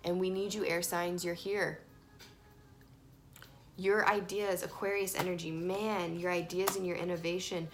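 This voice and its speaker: A woman giving a casual, emphatic tarot reading, swinging between soft and loud. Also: on the low side, level tone, measured pace. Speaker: tarot reader. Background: faint playlist music.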